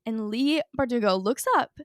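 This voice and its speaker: A woman's voice: a little high, moderate pace, clean tone, no room sound, clean studio sound. A young woman co-hosting a podcast, telling a story in a casual, gushing way and saying "like" constantly. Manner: gushing, fills nearly every phrase with "like". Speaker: podcast co-host.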